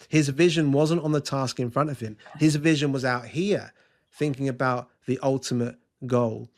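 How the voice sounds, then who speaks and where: A man's voice: medium pitch, moderate pace. A man, a podcast guest talking earnestly and telling an anecdote, with frequent restarts. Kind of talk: conversational interview, storytelling.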